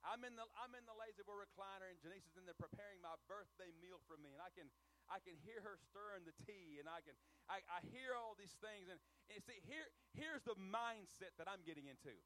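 A middle-aged man with a Southern American accent preaching a sermon in church, swinging from hushed storytelling to rousing call-and-response shouts. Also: sits high, expressive, brisk, a little hiss or hum, poor audio.

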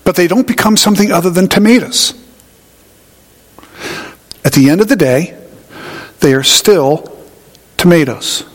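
A man's voice: sits high, lively intonation, measured pace, pauses often, in a large hall. A man preaching a sermon in a conversational, folksy way, telling homey stories. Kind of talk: sermon teaching.

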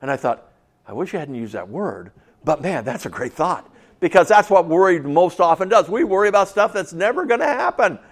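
A male pastor gives a sermon in a conversational, folksy way. He keeps checking in with the congregation, repeats his key phrases, and sometimes slips into soft tones or little voices to act out a story. His voice sits a touch higher than most men's. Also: big pitch swings, brisk. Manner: acts out stories with voices, drops to soft tones for effect.

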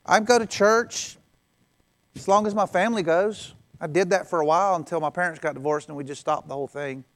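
A man's voice: on the high side, steady tone, fairly quick. A middle-aged male pastor preaching a sermon in a conversational way, acting out quoted voices in passing.

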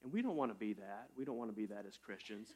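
A man preaching a casual sermon in a church, talking to his congregation like friends. He jokes often and breaks into sudden loud bursts before settling back down. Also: lowish voice, lively intonation, quick pace, husky. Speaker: pastor. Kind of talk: conversational sermon.

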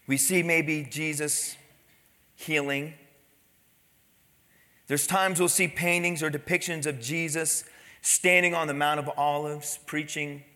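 Bright high-voiced preaching man. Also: big-room sound. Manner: dramatic preaching, acting out crowd voices. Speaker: pastor. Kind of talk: sermon.

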